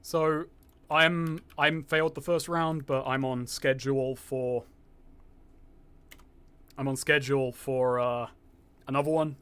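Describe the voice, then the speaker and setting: A man's voice: medium pitch, fairly even intonation, slow pace, pauses often, a bit bright, smooth. A young man streaming a game, chatting casually with viewers, rambling, swearing freely and reading chat aloud, with a slightly posh-sounding voice. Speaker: gaming streamer.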